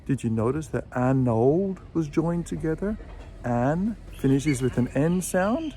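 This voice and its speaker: A man teaching English pronunciation in a video lesson, patiently repeating example phrases slowly. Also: medium pitch, expressive, mellow. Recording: faint background noise with birdsong.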